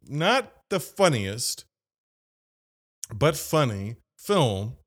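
Blunt rambling male film reviewer. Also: fairly low pitch. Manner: opinionated, blunt, rambling with fillers and asides. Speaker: podcast host and film reviewer. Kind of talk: casual solo movie review.

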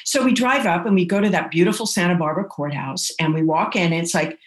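A woman telling personal stories in a lively, casual way, acting out the voices of the people she quotes. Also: lowish voice, fast. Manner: animated, acts out quoted voices. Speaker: guest. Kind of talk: casual anecdotal storytelling. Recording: roomy echo.

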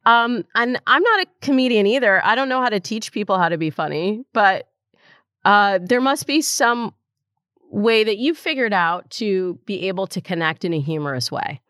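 A woman's voice: medium pitch, animated, normal speed, a bit bright, dry recording, studio quality. A woman hosting a podcast in casual conversation, chatty with lots of fillers and easy laughter. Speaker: podcast host.

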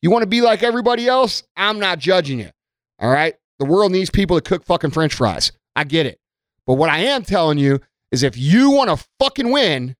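A man's voice: on the high side, dry recording, studio quality. A middle-aged man hosting a podcast, giving a blunt, profane, emphatic motivational monologue. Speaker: podcast host.

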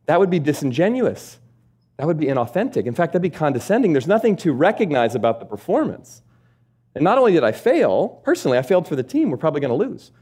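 A man's voice: fairly high pitch, fast, slightly rough. A man giving a motivational talk, telling stories and asking the audience questions. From United States. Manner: lively storytelling with rhetorical questions. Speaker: motivational speaker. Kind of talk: keynote talk.

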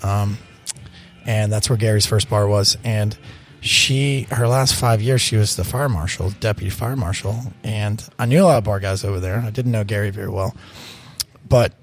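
A man's voice: fairly low pitch, moderate pace. A man from North Carolina telling stories as an interview guest, rambling and repeating words with "you know" and "man.". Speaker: bar owner, interview guest. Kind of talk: casual storytelling interview.

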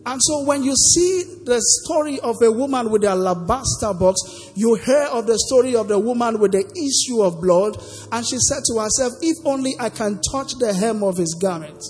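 Male pastor, high voice, call-and-response sermon, echoing sanctuary with faint music. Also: lively intonation, moderate pace, a little mellow. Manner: call-and-response preaching, asks congregation to finish verses. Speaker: preacher. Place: church sanctuary. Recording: long hall reverb with faint music.

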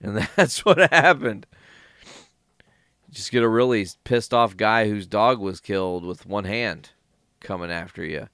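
A man hosting a podcast in casual chat, animated and profane, often acting out quoted lines. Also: on the low side, a little slow, clean tone, no room sound, clean studio sound. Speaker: podcast host.

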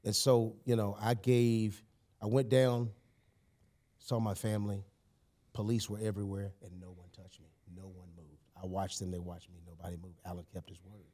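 A man, a podcast guest telling a personal story in casual conversation, animated and emphatic, often saying "you know" and "man". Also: lowish voice, moderate pace.

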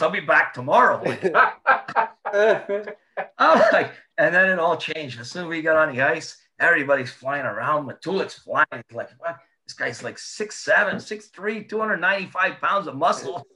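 A man's voice: on the high side, animated, normal speed, bright, forceful tone. A man telling hockey road stories in casual chat, swearing often and laughing through them.

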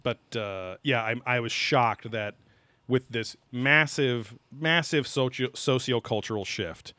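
A man's voice: medium pitch, slow pace, bright, forceful tone, no room sound. A man co-hosting a podcast in casual chat, rambling with lots of fillers and offhand swearing. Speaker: podcast co-host.

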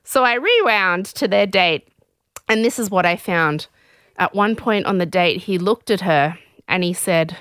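A woman hosting a podcast, telling a gossipy, animated recap in casual chat. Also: on the low side, unhurried, clear, resonant tone, dry recording, clean studio sound.

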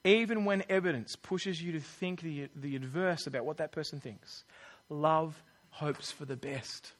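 A man's voice: a little high, a little slow. A man preaching a sermon in an earnest, conversational way. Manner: earnest, conversational, acts out quoted voices.

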